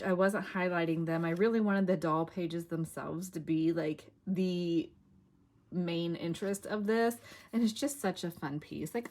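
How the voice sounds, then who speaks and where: A middle-aged woman hosting a casual crafting vlog, chatty and self-deprecating, with plenty of fillers as she walks through a finished project. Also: fairly low pitch. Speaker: crafting channel host.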